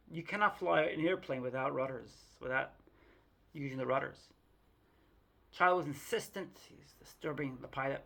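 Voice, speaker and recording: Gravelly, chatty woman vlogger. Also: very deep voice, normal speed, fairly bright tone. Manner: chatty, self-mocking, talks to the viewer. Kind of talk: casual storytelling monologue.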